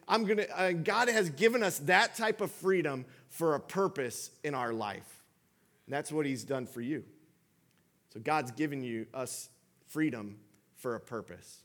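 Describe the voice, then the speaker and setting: A man's voice: sits high, measured pace, fairly bright tone. A man in his thirties, a father, preaching a sermon in a conversational storytelling way with frequent restarts. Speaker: pastor.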